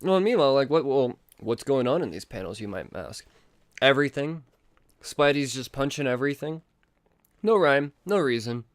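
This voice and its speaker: Man, podcast host, excitable and foul-mouthed; smooth, resonant voice recorded dry and close. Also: mid-range voice, moderate pace, no room sound. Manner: profane, excitable, rambling. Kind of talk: casual comic book review.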